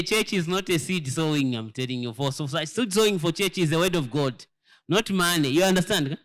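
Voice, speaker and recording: A man's voice: high-pitched, expressive, brisk, a bit bright. A man, a church elder giving a sermon-style lesson, emphatic and full of rhetorical questions, often repeating words as he searches for them. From Zambia.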